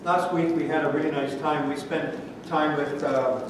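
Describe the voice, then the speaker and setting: A man's voice: a little high, steady tone, moderate pace, far from the mic, noisy background. A male pastor preaching a sermon in a conversational way, telling stories with light humor. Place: church sanctuary. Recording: echoey church hall from afar.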